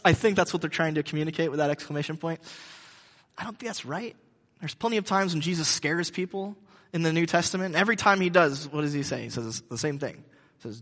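Man preaching with bright, ringing voice. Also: fairly high pitch, big-room sound. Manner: conversational, halting with many restarts. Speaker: pastor. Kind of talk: sermon.

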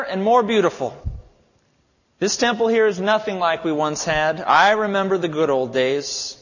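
Preacher puts on a loud, raised, griping old-timer; echoey lo-fi hall. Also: male voice, high voice, voice pushed up. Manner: whiny, exaggerated griping. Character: grumbling nostalgic old man, forever complaining. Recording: echoey hall, dull lo-fi sound.

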